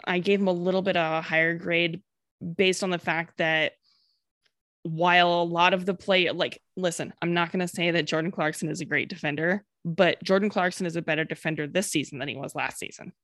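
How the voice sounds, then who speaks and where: A woman co-hosting a casual sports podcast, speaking in a relaxed, hesitant way with many fillers. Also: on the low side, fairly quick, dry recording, clean studio sound.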